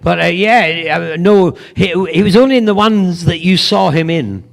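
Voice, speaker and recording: Gravelly older Scottish man telling anecdotes. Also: high voice, moderate pace. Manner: rambling, playful anecdotes with fillers. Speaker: convention guest of honour. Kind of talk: convention Q&A.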